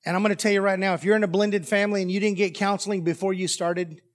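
A man's voice: high-pitched, fairly even intonation, quick pace. A man preaching a sermon as pastor, telling a story animatedly and acting out the dialogue.

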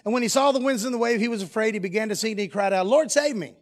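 A man preaching a joking, animated sermon that swings between loud and hushed. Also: sits high, racing.

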